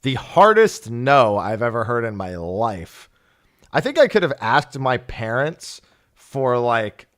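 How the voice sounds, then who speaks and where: A man hosting a casual discussion show, animated and laughing often. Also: mid-range voice, slow pace. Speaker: podcast host. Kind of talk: casual chat.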